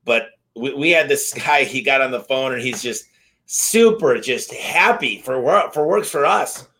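An energetic man tells his stories in a bright, forceful voice. He sits at a middling pitch and jumps into the dialogue, playing everyone in his tale. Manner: energetic, fast-moving anecdotes with acted-out dialogue. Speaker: garage door company owner, guest. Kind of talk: casual interview storytelling.

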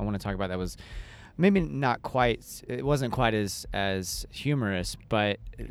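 A man hosting a casual podcast interview, relaxed and loose, with halting restarts and casual swearing. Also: mid-range voice, clear, resonant tone. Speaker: podcast host.

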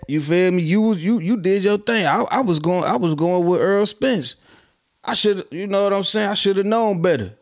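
A man from Minnesota with a fairly high, clean-toned voice riffs on the news for his viewers as a commentary vlogger. His talk is loose and full of laughter and street slang.

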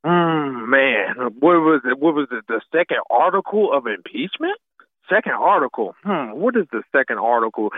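A male caller heard over a tinny phone line. He rambles and repeats himself, and his pitch swings widely up and down. The line is dry. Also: sing-song, moderate pace, no echo. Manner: rambling, repetitive, emotional.

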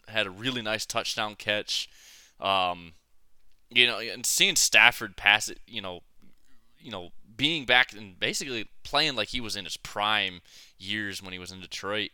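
A man's voice: fairly low pitch, unhurried, sharp tone, clean tone, no room sound. A man co-hosting a casual sports podcast, blunt and a little profane, his sentences full of fillers and restarts. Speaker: podcast co-host.

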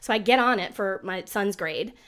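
A woman, casually chatting as a podcast co-host and telling animated stories. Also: mid-range voice, clear, resonant tone. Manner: chatty storyteller, animated, quick to act out quotes. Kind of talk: casual chat.

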